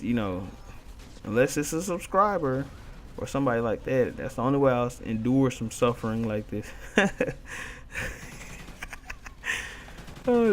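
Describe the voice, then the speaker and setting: A man's voice: fairly low pitch, a little mellow, slight background noise. A young man giving casual gameplay commentary, ranting in frustration about his teammates and repeating himself often. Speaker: gaming video commentator.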